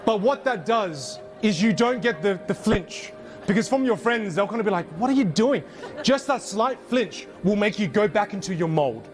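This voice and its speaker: A man giving a motivational workshop talk to a live audience, animated and emphatic, taking questions from the crowd. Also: high voice, moderate pace. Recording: speech over loud background music.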